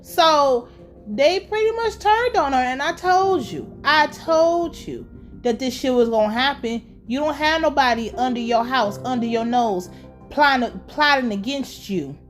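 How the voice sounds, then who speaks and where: A woman's voice: sits high, expressive, a little slow, soft background music. A young woman giving a casual, slangy episode recap, ranting with lots of swearing. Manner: profane, slangy, fired-up ranting. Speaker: TV show reviewer.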